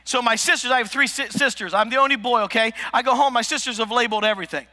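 A man's voice: very high voice, fast talker. A middle-aged man preaching a sermon, telling stories with jokes and talking straight to the congregation in a church. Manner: animated, joking, talks to the congregation. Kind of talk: humorous storytelling sermon. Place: Pentecostal church sanctuary. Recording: church hall with long reverb.

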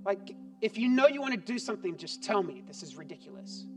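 A man's voice: high-pitched, animated, brisk. A man voicing a young woman on a date, acting out her inner thoughts with exaggerated drama, heard from a distance over music. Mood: annoyed muttering. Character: young woman, annoyed then thrilled girlfriend. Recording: distant mic with background music.

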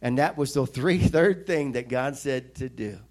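A man's voice: medium pitch, a little slow, a little mellow. A man preaching a sermon, telling a personal testimony in a storytelling way with self-mocking asides, from Missouri. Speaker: pastor.

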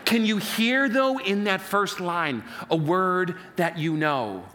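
A man preaching a sermon as pastor, animated, rousing his congregation in call-and-response. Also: sits high, slow pace, slight background noise.

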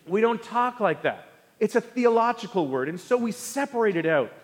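A male pastor giving an animated sermon to a congregation, acting out quoted voices for humor. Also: high-pitched, fast. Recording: hall with long reverb.

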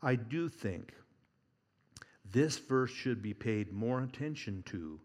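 A man preaching a sermon, conversational and humorous, swinging from loud emphasis to hushed near-whispers and chuckling at his own points. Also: mid-range voice, lively intonation, slow pace.

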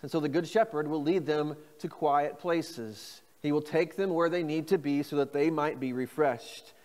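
A man preaching a sermon as pastor, reading scripture phrases slowly and inviting the congregation to repeat them. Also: on the high side, a little mellow, in a large hall. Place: church.

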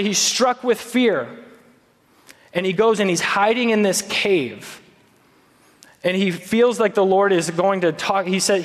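A man's voice: fairly high pitch, big-room sound. A man preaching a sermon as pastor, in a conversational storytelling manner.

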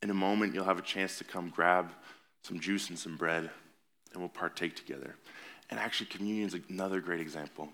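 A man's voice: sits low, fairly even intonation, fairly quick, sharp tone. A man as a pastor, preaching a conversational sermon in a church and rising to earnest emphasis on his key points. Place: church sanctuary.

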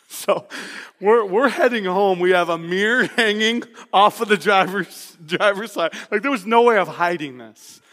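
Male pastor, sermon, animated storyteller, laughs often, high voice, long hall reverb. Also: unhurried.

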